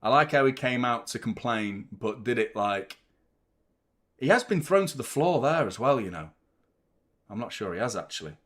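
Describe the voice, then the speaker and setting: A man, hosting a football watchalong with excitable, rambling commentary and frequent swearing. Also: medium pitch, moderate pace. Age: 30s. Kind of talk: live match commentary and chat.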